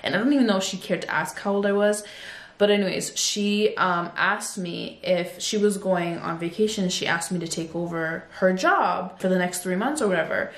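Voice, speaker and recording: A woman's voice: lowish voice, normal speed. Chatty woman telling a storytime, echoey room. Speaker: vlogger. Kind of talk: casual storytime. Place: home. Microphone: phone.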